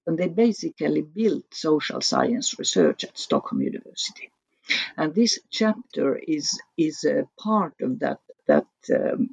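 A woman guest author explaining her research chapter in an academic interview, measured with restarts. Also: sits low, creaky, a little mellow, slightly rough, no echo, lo-fi sound.

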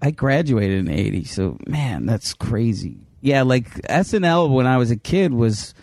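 A man's voice: medium pitch, sing-song, a little slow, a little mellow, no echo, clean studio sound. A man in his fifties, a guest comedian, telling candid stories in casual conversation with self-mocking laughs.

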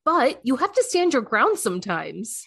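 A woman's voice: high-pitched, big pitch swings, moderate pace, gravelly, fairly bright tone, husky. A woman co-hosting a casual chat who chimes in with wry asides and short comments. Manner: wry interjections, chiming in.

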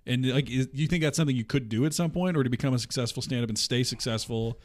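A man hosting a casual podcast who talks quickly at a middle pitch. He puts long, probing questions to his guest and pads them with fillers like "like" and "you know". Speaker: podcast host. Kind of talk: interview questions.

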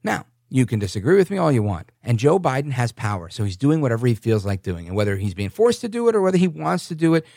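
A man hosting an opinionated political monologue, sarcastic and quick to mimic others in silly voices. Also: medium pitch, big pitch swings, vocal fry, dark tone, no echo, clean studio sound. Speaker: political commentary host.

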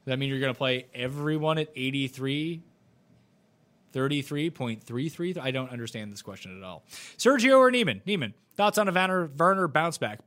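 A man hosting a casual livestream Q&A, answering questions with quick, blunt replies and wisecracks. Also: on the high side, a bit bright. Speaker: livestream host.

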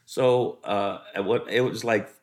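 A man's voice: on the low side, steady tone, measured pace. A middle-aged comedian telling stories about his own parenting in casual chat, acting out the voices of the people in them. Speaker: guest comedian. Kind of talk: casual storytelling.

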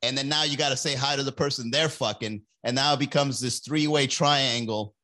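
A young man hosting a casual podcast livestream, rambling and joking, and slipping into quick put-on voices. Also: medium pitch, sharp tone. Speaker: podcast host.

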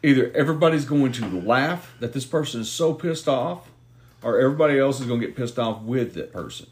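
A man on a podcast as a guest, blunt and emphatic, dropping curse words into casual chat. His voice is a plain middle pitch for a man. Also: fairly quick.

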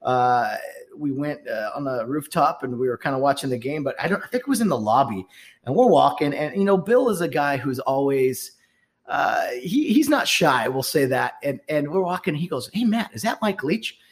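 A man's voice: medium pitch, lively intonation, moderate pace. Rambling man on a sports podcast. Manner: rambling, frequent restarts and fillers. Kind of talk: casual sports chat.

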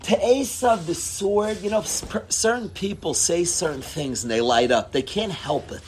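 Man, Torah class lecture, casual teaching, high voice, faint noise behind. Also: moderate pace. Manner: animated, expressive, swings between low and loud. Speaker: rabbi teaching students.

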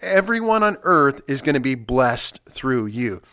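A man's voice: medium pitch, sing-song, measured pace, bright, forceful tone, clear, resonant tone, no echo. A man preaching an earnest podcast sermon, emphatic, with many repeated phrases. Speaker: pastor.

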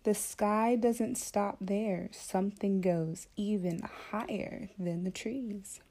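A woman voicing a gentle, patient mother fox in a storybook reading, talking softly and slowly. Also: mid-range voice. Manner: soft, slow and soothing.

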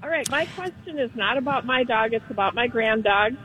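An older woman calling in to a radio show, explaining her problem in a hesitant, halting way. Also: on the high side, expressive. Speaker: caller. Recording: tinny phone line.

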